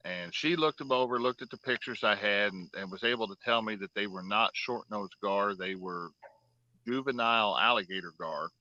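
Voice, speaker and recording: Casual fishing chat from a show host who drawls and rambles through long tales, leaning on plenty of fillers. His voice is on the low side with a sharp tone at a normal speed, captured with no room sound in a muffled recording.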